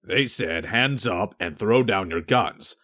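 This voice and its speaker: A man reading an audiobook, voicing a dim, literal-minded male sergeant in a low, soft, deadpan voice. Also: takes it slowly.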